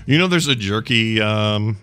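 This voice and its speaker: Deep-ish guy co-hosting a podcast, voice bounces all over, jokey and rambly, faint music behind. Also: expressive, slow pace, pushed and bright, clear, resonant tone. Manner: joking, rambling, mock-ranting. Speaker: podcast co-host. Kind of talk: casual chat.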